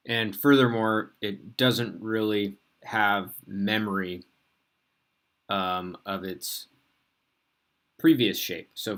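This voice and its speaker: Brief: slow, low-voiced male teacher. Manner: casual, filler-heavy, relaxed explaining. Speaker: physics teacher. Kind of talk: recorded lesson.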